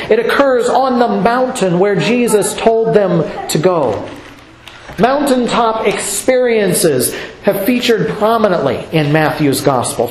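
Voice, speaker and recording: A preacher delivering a sermon in a measured, emphatic way. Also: mid-range voice, echoey room, poor audio.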